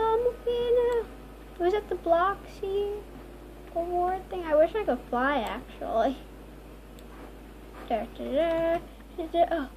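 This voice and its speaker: Woman host, high voice, unhurried delivery, excitable gameplay commentary with squeals. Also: muffled recording, slight background noise. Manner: excitable, frequent squealing exclamations. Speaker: gaming video host.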